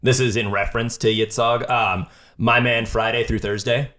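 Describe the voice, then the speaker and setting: A man's voice: mid-range voice, fairly even intonation, moderate pace, sharp tone. A man hosting a podcast, chatting casually, swearing freely and laughing often. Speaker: podcast host.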